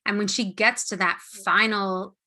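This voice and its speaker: Bubbly woman podcast co-host, bright tone. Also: medium pitch, steady tone, unhurried. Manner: bubbly, enthusiastic, with laughs. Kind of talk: casual podcast chat.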